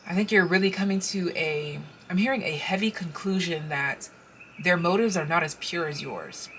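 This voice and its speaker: A woman with a low-pitched voice reads tarot cards for the viewer in a loose, chatty way. She often breaks off to exclaim over the cards she turns up. Her tone is bright and sharp, and her speech rambles and restarts. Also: moderate pace, a little hiss or hum. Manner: excitable, exclaims and interrupts herself while pulling cards; speaks straight to the viewer in the second person. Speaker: tarot card reader. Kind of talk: casual pick-a-card tarot reading.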